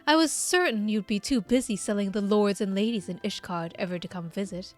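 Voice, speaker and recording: A woman voicing a brisk, teasing female guildmaster, a bit higher than her own voice. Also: faint music behind, lightly acted.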